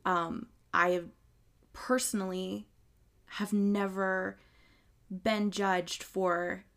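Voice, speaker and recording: A woman's voice: lowish voice, fairly bright tone. A woman hosting a podcast, talking in a casual, thoughtful, articulate way. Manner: thoughtful, articulate, sometimes quick. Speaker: podcast host. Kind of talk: casual interview conversation.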